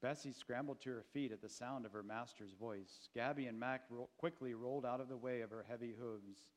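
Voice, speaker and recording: Gentle male storybook narrator. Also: mid-range voice, steady tone, fairly quick, few pauses.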